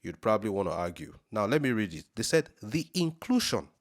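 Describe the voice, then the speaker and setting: A man hosting a scam-review video, talking viewers through a website on screen, emphatic and checking in with "okay?", rereading passages slowly for emphasis. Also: on the low side, sing-song. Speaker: host of a scam-review channel. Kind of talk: screen-share walkthrough commentary.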